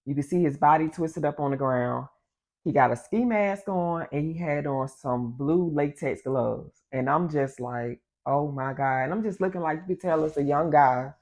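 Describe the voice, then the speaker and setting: A woman vlogger telling a personal story in a casual, animated way, talking straight to her viewers. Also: deep voice, moderate pace. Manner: animated, addresses the audience as y'all.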